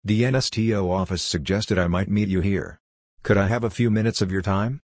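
A man's voice: on the low side, fairly even intonation, brisk, dry recording, studio quality, lightly acted. A man voicing a courteous, formal male businessman in an audiobook.

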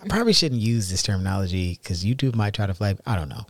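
A man co-hosting a podcast with his wife, relaxed and playful as he wraps up the episode. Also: lowish voice, faint music behind. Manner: laid-back, playful, drawn-out sign-off. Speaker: podcast co-host. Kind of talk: casual podcast chat.

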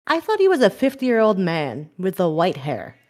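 A woman's voice: mid-range voice, wildly swooping pitch, normal speed, a little mellow. A woman in her thirties co-hosting a podcast, candid and teasing, laughing often. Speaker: podcast co-host. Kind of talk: casual chat.

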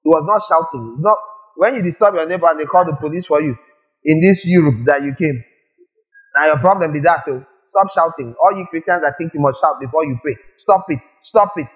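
A male preacher giving a lively sermon, firing rhetorical questions at the congregation and acting out little scenes. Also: on the high side, fairly quick, highs cut off, faint music behind.

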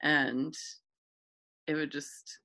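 A woman co-hosting a podcast in casual chat, reacting in a squeamish and expressive way with long, drawn-out reactions. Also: low voice, gravelly. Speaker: podcast co-host.

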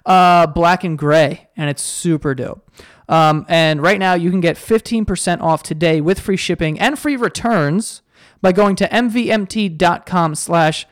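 A man's voice: on the high side, measured pace, dry recording, clean studio sound. Rambling young male podcast host. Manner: rambling, self-deprecating, voice cracking. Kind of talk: casual solo podcast chat with ad read.

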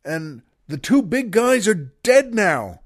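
Male podcast host, slightly high-pitched, chatty storyteller who gushes, restarts and talks straight to the listeners. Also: sing-song, takes it slowly, slightly rough. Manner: enthusiastic, rambling retelling with restarts, addresses listeners as folks. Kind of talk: casual storytelling monologue.

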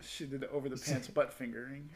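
A man's voice: medium pitch, flat delivery, fast talker, crowd noise. A young man in casual podcast banter, telling crude jokes and acting out quoted exchanges. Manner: crude, joking storyteller, acts out quoted exchanges.

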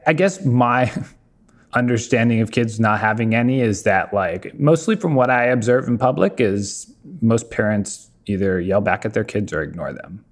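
A man's voice: fairly low pitch, moderate pace. Laid-back man hosting an interview. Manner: relaxed, rambling, thoughtful. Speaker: podcast host. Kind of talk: casual interview chat.

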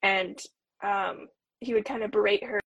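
A woman's voice: medium pitch, fairly even intonation, a little slow, vocal fry, fairly bright tone, slightly rough, no echo, lo-fi sound. A woman in her twenties, a returned missionary, earnestly telling a personal story as an interview guest, with lots of "like" fillers. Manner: earnest, talks with frequent "like" fillers.

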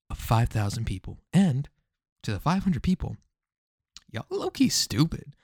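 Male commentary host with a very lively voice, dry close recording, casual, slangy and full of rhetorical questions. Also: medium pitch, unhurried, long pauses, breathy edge, no echo.

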